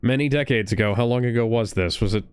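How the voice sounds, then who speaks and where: Guy joking around on a watch-along show, smooth clear voice, dry close mic. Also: medium pitch, no room sound. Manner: joking, crude, quick asides. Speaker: podcast co-host. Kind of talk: casual riffing commentary.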